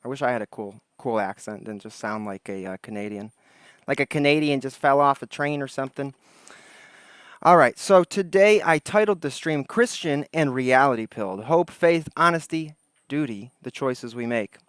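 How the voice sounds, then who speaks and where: Speaking at a moderate pace, a man with a mid-range, slightly bright and smooth voice hosts a casual livestream outdoors. He rambles, says hello to chat and thinks aloud with viewers. The sound is studio quality with no echo, recorded through a desk microphone.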